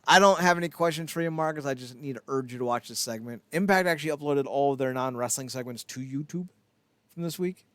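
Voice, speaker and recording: A man's voice: medium pitch, quick pace, no echo. Rambling profane wrestling podcast guy. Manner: rambling, profane, self-mocking asides. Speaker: podcast co-host. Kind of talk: casual wrestling news chat.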